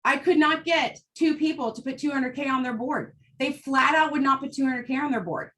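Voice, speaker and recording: A woman's voice: sits high, fairly quick, fairly bright tone. A woman giving a fired-up, blunt motivational talk, often checking in with "right?" as she goes. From United States. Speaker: host.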